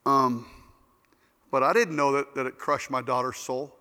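A man preaching a storytelling sermon in an animated, joking way, acting out the people in his stories, recorded with echoey hall reverb in a large hall. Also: medium pitch, unhurried, clear, resonant tone.

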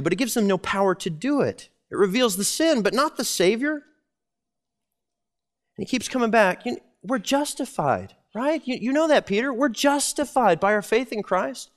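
A man preaching with a high, lively voice that leaps up and down as he talks. He keeps it conversational and animated, tossing in quick voiced asides as he goes. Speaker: pastor. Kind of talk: sermon.

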